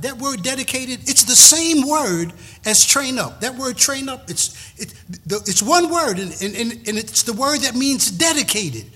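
A man's voice: sits high, pushed and bright, breathy edge. A middle-aged male pastor preaching a sermon in a folksy, emphatic way, often repeating words as he builds a point.

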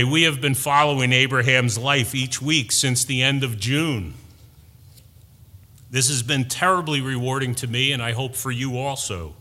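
Middle-aged male preacher, bright forceful tone, deliberate sermon delivery, reverberant hall. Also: mid-range voice. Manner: slow, deliberate preaching with emphatic builds.

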